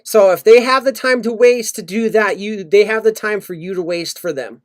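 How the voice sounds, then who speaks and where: With a high-sitting voice at moderate speed, this podcast co-host rants through stories in casual, profane chat. He curses heavily and tells his tales with animation.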